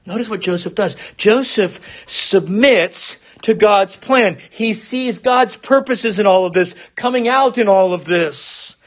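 A man preaching an expository sermon, earnest, repeating words for emphasis and at times dropping to a soft, low voice. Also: measured pace, few pauses. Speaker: pastor.

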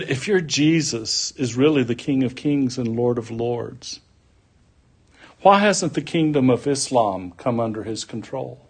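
A man preaching a sermon, deliberate and folksy, mixing scripture with homespun stories. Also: medium pitch, slightly rough.

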